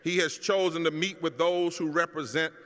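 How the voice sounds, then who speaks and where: A middle-aged man preaches a keynote address with a rousing, rhythmic cadence that builds to shouted peaks. His voice sits somewhat high for a man. The sound carries a long reverb from the large hall around him. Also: fairly even intonation, moderate pace. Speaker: pastor giving a keynote. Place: large hall at a public celebration.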